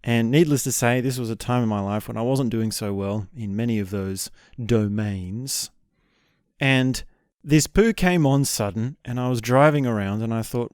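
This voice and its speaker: Smooth-voiced man telling a candid story. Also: mid-range voice, moderate pace, a little mellow, no room sound, clean studio sound. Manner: candid, self-deprecating storyteller. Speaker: podcast host. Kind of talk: storytelling monologue.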